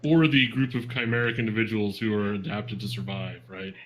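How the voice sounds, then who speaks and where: A man's voice: fairly low pitch, steady tone, brisk, a bit bright, low-quality recording. A man playing a tabletop game in casual chat, rambling with many fillers and restarts. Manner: rambling, full of likes and restarts.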